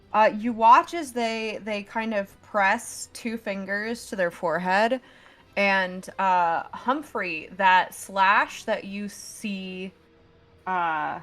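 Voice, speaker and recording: A woman narrating as game master of a tabletop game, unhurried, with many fillers and restarts. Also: mid-range voice, fairly bright tone.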